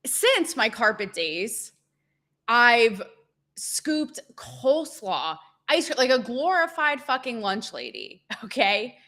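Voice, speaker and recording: A woman hosting her show, talking candidly in a profane, animated, rambling and self-mocking way. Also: on the high side, takes it slowly. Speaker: show host. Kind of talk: candid livestream monologue.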